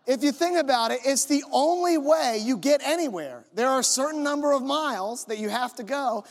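Male pastor, conversational storyteller, higher voice, reverberant sanctuary. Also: fairly quick. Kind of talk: sermon.

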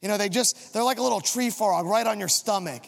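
A high-voiced male pastor with a gravelly edge tells a self-mocking family story from the pulpit. His sermon carries a long reverb from a big hall. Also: a little fast.

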